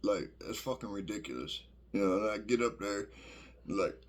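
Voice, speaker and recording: A middle-aged man rambles through a casual vlog monologue. His voice sits somewhat low, and he swears freely, piling up fillers and restarts as he talks. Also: lively intonation, moderate pace. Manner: profane, rambling, many fillers. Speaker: vlogger.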